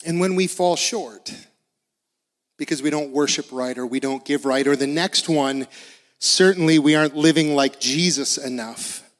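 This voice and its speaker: A man's voice: medium pitch, big-room sound. A man in his forties preaching a sermon in an earnest, conversational way. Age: 40s. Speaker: pastor.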